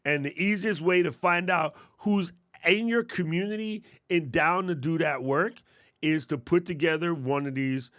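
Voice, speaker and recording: A man hosting a live question-and-answer stream, giving casual, energetic advice in slangy talk and calling viewers family. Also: fairly high pitch, moderate pace, no room sound, studio quality. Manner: energetic, slangy, addresses chat as fam and family. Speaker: host answering creator questions.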